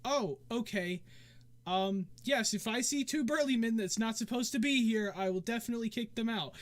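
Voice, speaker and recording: A man's voice: very high voice, moderate pace, pitched above the performer's own voice. A man voicing a friendly female tavern dancer who rambles eagerly in a tabletop game.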